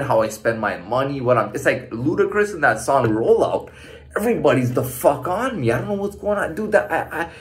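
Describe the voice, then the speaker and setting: Lively, profane man in his thirties. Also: a little high. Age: 30s. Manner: loose and profane, full of "like" and "man" fillers. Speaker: storyteller recounting his own past. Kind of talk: casual personal storytelling monologue.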